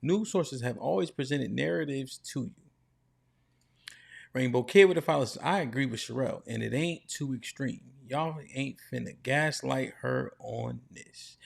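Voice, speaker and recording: A man's voice: medium pitch, moderate pace, vocal fry. A man hosting a livestream panel, reading donor messages aloud in a casual, slangy way. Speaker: host reading superchats.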